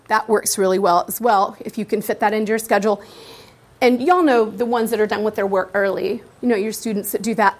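A middle-aged woman teacher giving an informal workshop talk to fellow teachers. Her voice sits somewhat high. She talks in a lively, easy way and slips into little voices as she acts out her students' answers.

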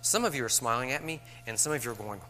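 Middle-aged guy teacher chatting to other teachers, bright voice, light hum in the back. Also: mid-range voice, expressive, quick pace. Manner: conversational, chuckles, rhetorical asides. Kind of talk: talk to fellow teachers.

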